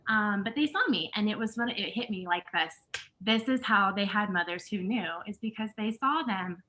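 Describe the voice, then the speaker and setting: A woman participant on a video call, sharing a personal moment in an earnest, halting way. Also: on the high side, a bit bright. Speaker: participant in a live session.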